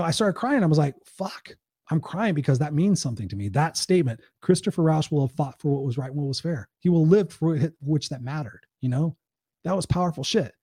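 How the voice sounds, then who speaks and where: A middle-aged man, a motivational speaker, hosting a casual livestream and talking in an energetic, emphatic, profane way. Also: a little high, no echo, clean studio sound.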